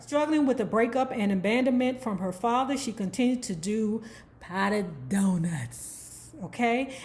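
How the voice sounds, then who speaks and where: A woman hosting her own channel, telling a celebrity life story in casual, gossipy commentary, swearing freely and now and then breaking into song. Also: mid-range voice. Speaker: YouTube host.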